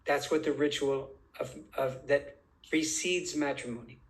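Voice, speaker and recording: Heard on a low-quality recording, this interview guest has a slightly high voice and a level tone. He argues emphatically and poses rhetorical questions, his phrasing slow and drawn out in a conversational setting.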